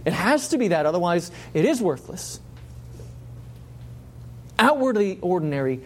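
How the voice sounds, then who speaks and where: A man's voice: high voice, a little mellow. A man preaching a sermon, passionate and full of repeated rhetorical questions.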